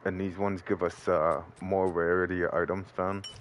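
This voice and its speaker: A man's voice: low voice, flat delivery, moderate pace, a little hiss or hum. A man streaming a game, chatting casually and loosely explaining his play with a lot of fillers. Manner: laid-back, rambling, with fillers. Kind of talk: casual gameplay commentary.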